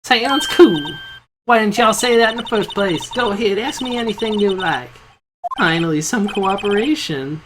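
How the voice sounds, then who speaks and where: A woman's voice: mid-range voice, expressive, moderate pace, noisy background, pitched above the performer's own voice, lightly acted. A woman voicing a brash Southern woman photographer with a thick folksy drawl over game music. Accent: Southern US drawl, put on. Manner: loud and scolding.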